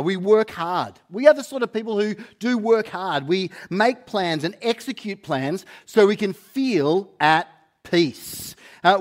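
A middle-aged man from Australia preaching a sermon as a pastor, telling a self-mocking story in an animated way. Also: high-pitched.

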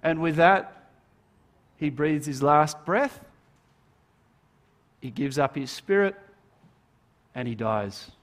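A man preaching a sermon in a slightly higher voice. He tells the story with dramatic swings, rising into emphatic lines and then dropping into hushed, slow phrases. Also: expressive. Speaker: minister.

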